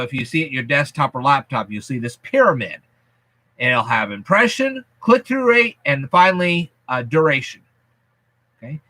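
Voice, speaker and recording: A man with a fairly high, bright voice that swings widely in pitch as he talks. He explains things to his viewers in a folksy, chatty and emphatic way. The sound is dry and close. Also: no room sound. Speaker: YouTube channel host. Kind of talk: casual vlog explaining to viewers.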